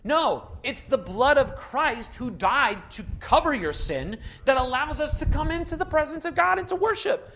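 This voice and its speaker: A pastor preaching a sermon in a conversational way, repeating key phrases for emphasis and speaking straight to the congregation. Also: medium pitch.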